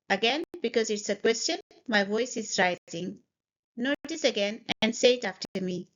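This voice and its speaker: A woman's voice: a little high, lively intonation, moderate pace, a bit bright, dull audio. A woman teaching spoken English, saying each sentence twice and explaining intonation. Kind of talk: slow, clear pronunciation lesson.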